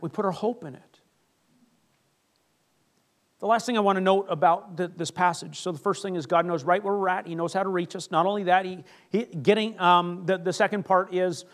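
A male pastor preaching a sermon, retelling Bible stories with lively acted-out voices. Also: sits high. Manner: animated storytelling, acts out Bible characters.

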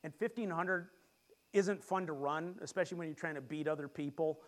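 High-voiced man preaching a sermon. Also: brisk. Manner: animated, jokes with the congregation and leads call-and-response. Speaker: pastor. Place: church sanctuary.

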